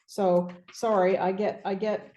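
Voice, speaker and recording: A woman's voice: mid-range voice, flat delivery, warm tone, reverberant, a little hiss or hum. A woman hosting an interview, speaking with effusive admiration and stumbling over her words. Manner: effusive, halting, tearful at times. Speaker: host. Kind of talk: emotional interview chat.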